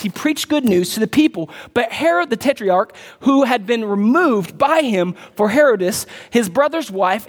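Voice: medium pitch, long reverb tail. A pastor preaching a sermon in a conversational way, reading scripture aloud and adding casual asides to the congregation.

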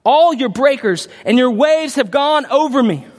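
A man preaching a sermon as pastor, impassioned, swinging from loud emphatic peaks down to low quiet asides. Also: expressive, unhurried, big-room sound.

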